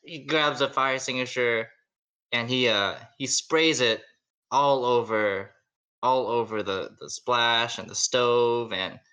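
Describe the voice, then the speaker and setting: A man's voice: mid-range voice, fairly even intonation, slow, bright, forceful tone, smooth. A man narrating a tabletop role-playing game as its game master, loose and casual with lots of fillers.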